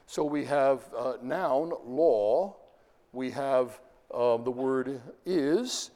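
Guy teaching a class, mid pitch, explains bit by bit, asks the room stuff, long echo off the hall. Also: extremely slow, warm tone. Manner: explanatory, stops often to ask the class. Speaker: lecturer. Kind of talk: classroom lecture.

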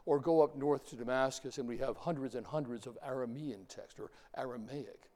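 A man's voice: mid-range voice, fairly quick, a little mellow. A man giving an informal lecture, talking in a rambling way with fillers and repeated words. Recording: long hall reverb.

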